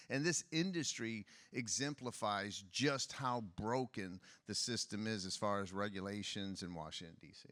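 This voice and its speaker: Brief: middle-aged man from Detroit, low voice, blunt plainspoken candidate, dry close sound. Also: fairly even intonation, normal speed, fairly bright tone, no echo. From Detroit, USA. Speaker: political candidate. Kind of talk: fireside chat on stage.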